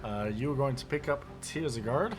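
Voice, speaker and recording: A man narrating a tabletop game as game master, halting with many fillers. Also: mid-range voice, faint music behind.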